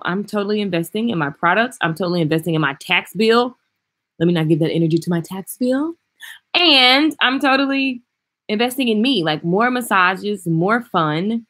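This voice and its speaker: A woman hairstylist chatting casually and frankly on a livestream, reading and answering viewer comments with animated swings in loudness. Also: fairly low pitch. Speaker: hairstylist and vlogger. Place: traveling, indoors.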